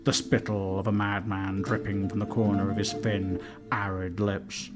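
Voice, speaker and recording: A man telling a comic story in deadpan, mock-epic narration, with music behind. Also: on the low side, moderate pace.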